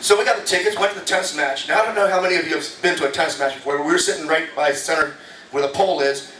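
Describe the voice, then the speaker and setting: A man with a high voice tells jokes on stage in a loose, conversational way and keeps bantering with the crowd. The club echoes, and the mic picks him up from a distance over a faint background hum. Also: rapid-fire, sharp tone. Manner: casual, chatty, banters with the audience. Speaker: stand-up comedian. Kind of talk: stand-up comedy set. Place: comedy club stage before a live audience. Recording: echoey club recorded from afar.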